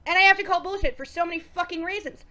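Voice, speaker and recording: A woman giving a casual, profane, animated recap of a TV episode, full of sarcastic asides and quick reactions. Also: very high voice. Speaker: TV episode reviewer.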